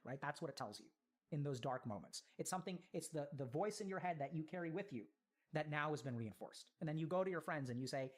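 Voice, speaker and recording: Fast-talking earnest mental health commentator. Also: medium pitch, expressive. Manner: earnest, explanatory, fills with "like" and "right?". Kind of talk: explaining a viewer's letter in a video.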